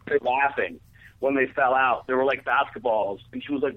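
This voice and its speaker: A man's voice: medium pitch, brisk. A man telling a long, crude personal story in a loose, rambling way, full of "like" and restarts. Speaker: guest telling a story on a radio show. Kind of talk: casual storytelling. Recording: phone-like radio audio.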